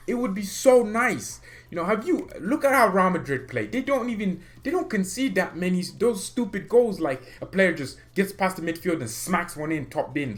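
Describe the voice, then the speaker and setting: A young man hosting a fan channel, talking in a casual, excitable and rambling way with quick laughs. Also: fairly high pitch. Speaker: football fan channel host. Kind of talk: casual opinion vlog.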